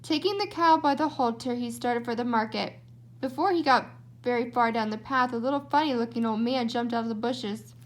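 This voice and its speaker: A woman reading a children's storybook aloud, giving the narration an expressive lilt. Her voice is high and light. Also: a little fast. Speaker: storybook reader.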